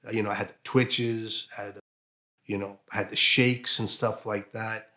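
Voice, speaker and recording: A man with a fairly low voice tells his own story in an interview. His speech is halting and emotional, broken by fillers and restarts. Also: level tone, sharp tone. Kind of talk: emotional personal testimony.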